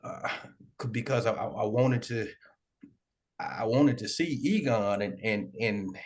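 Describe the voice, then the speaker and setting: A man's voice: on the low side, unhurried. A man playing a stammering, grieving young man. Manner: stammering, hesitant, repeats words. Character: troubled young man grieving his mother. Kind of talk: tabletop role-play.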